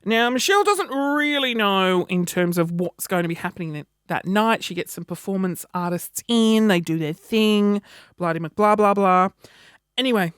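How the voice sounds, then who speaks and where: A woman, telling a story in a casual vlog with animated, wry delivery. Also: mid-range voice, moderate pace, smooth, no echo, clean studio sound. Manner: animated, wry, acts out quoted reactions. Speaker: vlogger.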